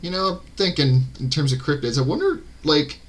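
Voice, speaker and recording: A man streaming and chatting casually while drawing, relaxed and joking. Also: on the high side, fairly quick.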